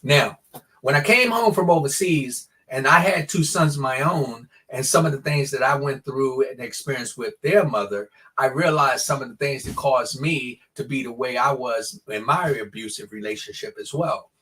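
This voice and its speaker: A man in his sixties, a podcast guest telling his life story in an earnest, halting way with frequent restarts. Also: mid-range voice, bright, forceful tone, distant mic. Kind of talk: personal storytelling in an interview.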